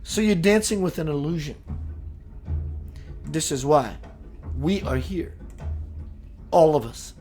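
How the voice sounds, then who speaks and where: A man hosting a live-streamed spiritual talk, greeting viewers, reading their comments and shifting into slow, preachy passages. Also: a little high, animated, darkish tone, soft background music. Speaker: spiritual livestream host.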